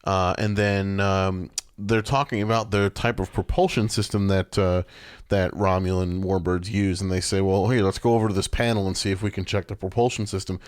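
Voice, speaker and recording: Low-pitched guy rambling thru a show recap, checks his notes, dry mic. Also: level tone, moderate pace, no room sound. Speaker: podcast co-host. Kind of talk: casual episode recap chat.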